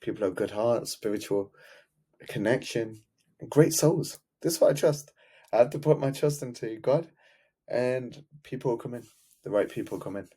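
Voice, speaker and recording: A man's voice: fairly low pitch, warm tone, husky. A man speaking as a love coach, giving an earnest, heartfelt motivational talk to camera and repeating key words.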